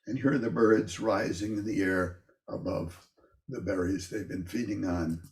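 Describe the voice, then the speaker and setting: An older man teaching an informal poetry class. He talks in a thoughtful, halting way with many restarts and fillers. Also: fairly even intonation, a little mellow, echoey room. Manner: livelier and higher when reading verse aloud.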